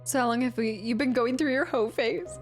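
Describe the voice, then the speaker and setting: A woman with a highish voice talks a little fast while streaming a video game, chatting with her viewers in a playful, silly way as she plays. It's casual live-stream commentary, with game music in the background.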